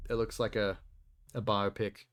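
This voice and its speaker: A man's voice: lowish voice, flat delivery, measured pace. A man casually chatting on a live stream, reacting to trailers with fillers and laughs. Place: home streaming setup.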